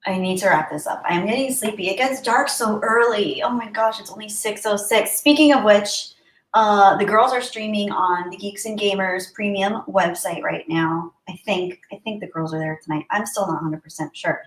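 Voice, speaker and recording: A woman's voice: mid-range voice, moderate pace, far from the mic. A woman hosting a live stream, chatting casually and thanking her viewers. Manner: chatty, warm thanks to viewers, laughs often. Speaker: livestream host. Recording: roomy sound, voice a bit off-mic.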